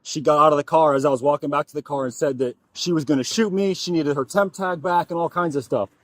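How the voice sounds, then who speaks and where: A man's voice: a little high, fast talker, dry recording. A male police officer giving a matter-of-fact account of an arrest, recorded outdoors on a body camera. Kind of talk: radio and report talk. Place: outdoors by a roadside.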